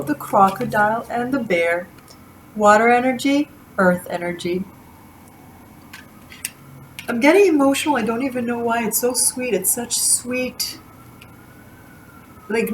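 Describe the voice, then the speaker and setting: A woman's voice: medium pitch, slight background noise, poor audio. A woman doing a tarot reading to camera, talking in a gushing, rambling way with many restarts. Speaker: tarot reader. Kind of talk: casual spiritual reading to camera.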